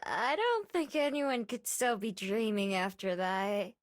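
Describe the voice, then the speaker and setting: A calm young woman from a visual novel answers slowly in a raised voice, as a streamer puts her on. The delivery is dry and wry, gently teasing. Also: mid-range voice, dry recording, pitched above the performer's own voice.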